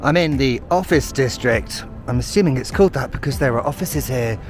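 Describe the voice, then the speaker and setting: A man's voice: mid-range voice, fairly quick, music in the background. Chatty British man vlogging on foot. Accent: British English. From United Kingdom. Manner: chatty, self-mocking, sarcastic asides. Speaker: travel vlogger. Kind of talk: walking travel vlog. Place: outdoors on city streets.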